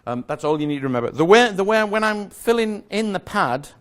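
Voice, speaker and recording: A man's voice: high-pitched, lively intonation, fairly quick. Chatty man lecturing on magic. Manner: chatty, self-correcting, joking with the audience. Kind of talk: live lecture explaining a routine. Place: lecture room with a live audience.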